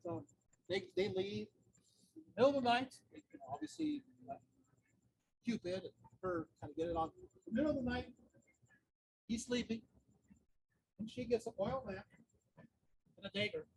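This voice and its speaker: High, gravelly-voiced male lecturer. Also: expressive, moderate pace, long pauses. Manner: chatty retelling with humorous asides and filler words. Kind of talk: storytelling lecture on myth. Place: outdoors near a busy street corner. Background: faint traffic noise.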